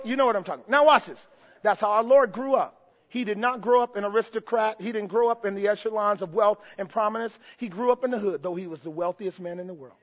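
A pastor preaching a sermon, calling out to the congregation and swinging between shouted peaks and hushed passages. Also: male voice, sits high, fast, dull audio.

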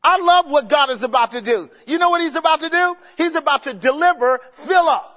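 A man preaching a sermon, emphatic, swinging between shouts and low murmurs and asking the congregation rhetorical questions. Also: fairly quick. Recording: dull sound with long hall reverb.

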